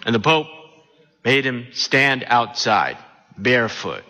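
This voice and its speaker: A man preaching a sermon, animated and often asking his listeners questions. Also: mid-range voice, slow. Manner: animated, asks the congregation questions. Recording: long hall reverb.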